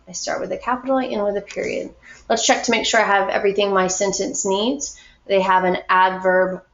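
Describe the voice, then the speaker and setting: A woman teaches a recorded grammar lesson for young children, patient and encouraging as she explains each step slowly. Her voice sits in a middle pitch. The sound is a little dull and roomy.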